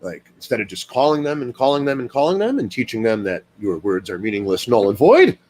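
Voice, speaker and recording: Animated rambling man, lively pitch. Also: brisk. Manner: rambling, lots of fillers, acts out quoted people in higher voice. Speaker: dog trainer. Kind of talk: casual talking-head monologue.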